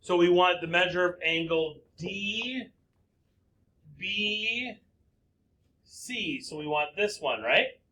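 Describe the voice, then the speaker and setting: A man's voice: high-pitched, animated, slow pace, long pauses, sharp tone. A man teaching a recorded math lesson, working through problems step by step and asking himself questions aloud before answering them.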